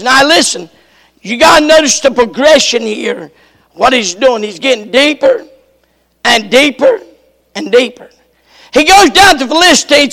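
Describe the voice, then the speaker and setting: High-voiced gravelly preacher guy, slow, shouts now and then, big reverb room. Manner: reads scripture then explains it, rising to shouts. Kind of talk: sermon.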